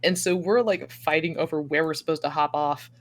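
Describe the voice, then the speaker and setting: A young woman telling stories as a podcast guest in casual chat, animated and laughing often, acting out the people she quotes. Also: low voice, a little fast.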